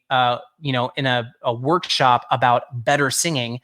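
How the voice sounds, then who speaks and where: A man's voice: mid-range voice, steady tone, brisk, hardly any pauses, pushed and bright. A man teaching a singing workshop as a vocal coach, explaining patiently, talking straight to the listeners and often correcting himself mid-word. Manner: patient explaining, speaks to listeners directly, frequent self-corrections.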